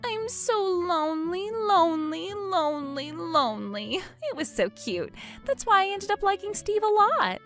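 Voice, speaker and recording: A woman's voice: very high voice, very animated, unhurried, fairly bright tone, soft background music, pitched above the performer's own voice, full character voice. A woman putting on a smug giggling mistress. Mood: mocking, smug. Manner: mocking, giggling, haughty.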